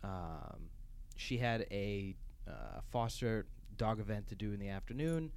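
A man's voice: fairly low pitch, a little slow, creaky, clear, resonant tone. A young man, co-hosting a podcast and talking casually with lots of fillers. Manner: relaxed, rambling with many fillers. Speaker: podcast co-host.

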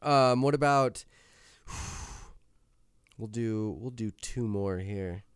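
A man's voice: on the low side, slow pace, clean tone, no echo, studio quality. A man hosting a podcast, chatting casually and joking about how to say names. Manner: joking, laughing, playful mispronunciations. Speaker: podcast host.

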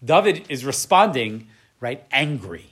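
A man teaching a Bible class, reading verses in Hebrew and explaining them in English. He talks in an animated way and often checks in with the class by asking "right?". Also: mid-range voice, a little slow, breathy edge. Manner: frequent tag question "right?". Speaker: Torah teacher.

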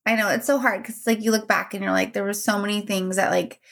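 Woman podcast co-host, casual and candid, with some vocal fry. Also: mid-range voice, little pitch movement, fast, a bit bright. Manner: candid, with many fillers and trailing thoughts. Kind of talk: casual chat.

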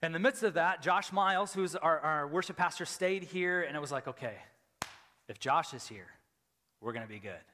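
A middle-aged man, a lead pastor preaching a sermon, telling a personal story and loudly acting out his own reactions. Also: on the high side, moderate pace, slight background noise. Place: church sanctuary. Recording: church hall with long reverb.

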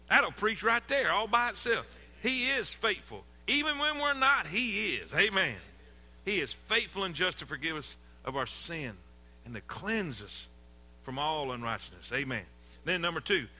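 Man, pastor, high bright voice, folksy call-and-response sermon. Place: church sanctuary.

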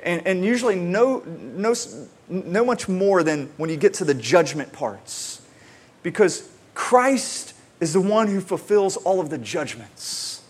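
In a high, husky voice, a man serving as pastor preaches conversationally. He repeats words at the start of sentences, and his tone moves back and forth between excited emphasis and soft, slow reflection.

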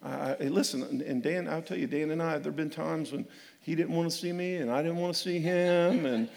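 A male pastor preaches in a church sanctuary with a high, emphatic voice. He jokes, repeats himself and calls out for amens. His voice rings with the long reverb of a large hall. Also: brisk, gravelly, darkish tone. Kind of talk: sermon.

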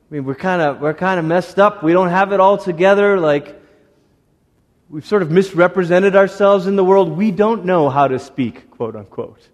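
A middle-aged man preaching a sermon as a pastor, lively and conversational, now and then acting out the voices of people in the story. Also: high voice. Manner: animated, acts out voices of Moses and God. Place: church sanctuary. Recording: long reverb of a church hall.

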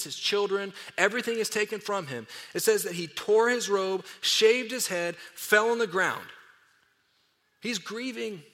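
A man in the pulpit delivers a sermon with a bright, ringing voice set a little high. He presses hard on the scripture he reads aloud, then lets his phrases sink softly. The sound carries the long reverb of a large hall. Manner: emphatic preaching, rising on scripture readings and falling to quiet endings. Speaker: pastor.

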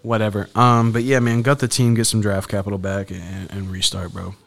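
Talking solo in a campus podcast booth, this young sports host goes off on frustrated rants and slips in slangy asides during casual chat. His voice is fairly low, level, gravelly yet fairly bright, and his pace is brisk.

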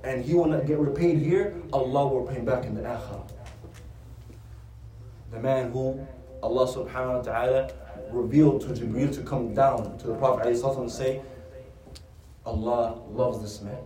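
A man's voice: medium pitch, fairly even intonation, fairly quick, warm tone. Male religious teacher, storytelling lecture style, poses and answers his own questions; echoey room, off-mic. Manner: asks rhetorical questions and answers them. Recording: roomy sound from a distant mic.

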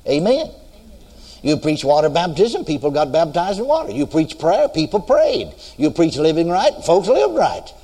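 With long hall reverb around him, an older American man delivers a sermon in a fairly high, sing-song voice at normal speed. His tone is dark and husky as he tells a story and asks the congregation if they're listening.

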